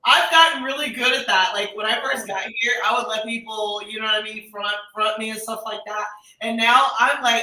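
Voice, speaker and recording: An American woman tells a story with a bright, ringing voice that sits fairly high. She acts out each person she quotes. The voice is heard in an echoey room from a little way off the mic. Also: a little fast, far from the mic. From United States. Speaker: expat podcast guest. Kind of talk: casual storytelling chat.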